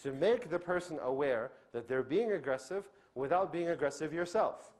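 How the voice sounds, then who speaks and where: Man in his thirties, religious lecture, earnest, asks and answers his own questions, slightly high voice. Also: expressive, moderate pace, a little mellow. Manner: often checks in with "okay?". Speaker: doctor and Islamic lecturer. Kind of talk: religious lecture to a live audience.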